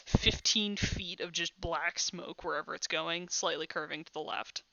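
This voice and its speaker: A woman's voice: lowish voice, fairly even intonation, normal speed, pushed and bright, no echo, muffled recording. A woman running a tabletop game as game master, narrating casually and adding playful sound effects.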